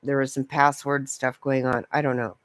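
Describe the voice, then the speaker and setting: A woman's voice: a bass voice, level tone, normal speed. A woman vlogger talking in a casual, rambling monologue, swearing freely and often breaking into laughter.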